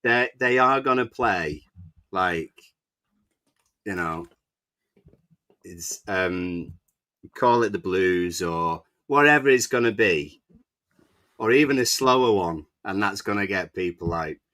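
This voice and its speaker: A man's voice: deep voice, animated, takes it slowly, pauses often, pushed and bright, no room sound. A man co-hosting a casual fan podcast, reading out listener messages in a chatty way. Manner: reads out listener comments, chatty. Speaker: podcast co-host.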